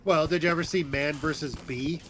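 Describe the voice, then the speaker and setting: A man's voice: on the high side, fairly quick, a little hiss or hum. A man co-hosting a gaming stream, chatting casually and retelling scenes with quoted lines. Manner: animated storyteller, quotes lines. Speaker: streamer co-host. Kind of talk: casual chat while gaming.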